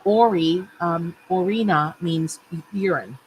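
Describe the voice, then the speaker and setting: A woman's voice: lowish voice, takes it slowly, a little hiss or hum. A woman hosting a casual craft livestream, chatting and laughing often and greeting viewers by name.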